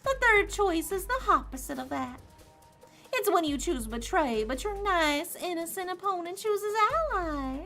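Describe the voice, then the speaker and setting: Fully committing to the character, a woman with a high, somewhat bright voice voices a mischievous male AI rabbit game master while reading a visual novel on stream. She puts on a Southern drawl and taunts in a singsong way.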